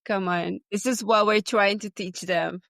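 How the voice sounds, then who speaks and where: A woman hosting a podcast round table, who speaks in a slow, measured way. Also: medium pitch, steady tone, gravelly, fairly bright tone, no echo, studio quality. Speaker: host.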